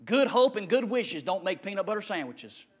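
A man preaching a sermon as pastor, swinging from shouted declarations to hushed asides. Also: high voice, animated, normal speed, breathy edge.

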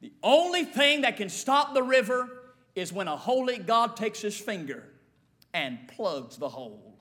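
Male revival preacher, very high and bright voice, rhythmic and repetitive, shouts then hushes. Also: lively intonation, moderate pace. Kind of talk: fiery revival sermon.

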